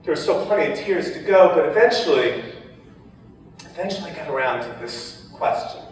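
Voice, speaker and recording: A man telling a personal story of grief, halting and emotional, with many restarts. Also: a little high, animated. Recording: echoey hall, heard from far off.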